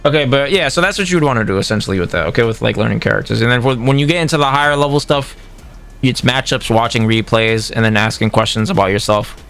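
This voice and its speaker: This man talks fast at medium pitch while coaching fighting games on a livestream with faint music playing. Animated and profane, he frequently acts out quotes from other players.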